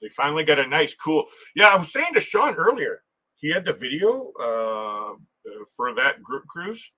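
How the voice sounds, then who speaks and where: A man's voice: on the high side, very animated, moderate pace, bright, forceful tone, low-quality recording. Chatty man hosting a live stream. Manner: chatty, laughs often, restarts sentences. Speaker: livestream host. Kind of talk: casual live chat reading viewer comments.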